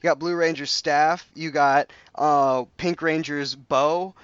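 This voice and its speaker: A man's voice: fairly high pitch, steady tone, takes it slowly, fairly bright tone, clean tone, no echo, highs cut off. A young man co-hosting a podcast, casually recapping comic book plots in a rambling, storytelling way. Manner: rambling storyteller, loose quoted voices. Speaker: podcast co-host.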